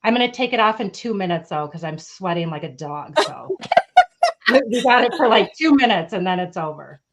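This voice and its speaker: A woman's voice: mid-range voice, big pitch swings, a little fast, very noisy. A woman in her forties, a life coach guest, chatting casually and bubbly on a video call, laughing often. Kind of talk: casual livestream chat.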